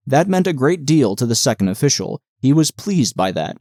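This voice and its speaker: A man narrating an audiobook in an expressive reading style. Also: mid-range voice, moderate pace, no echo, clean studio sound. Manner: expressive, dialogue-driven reading.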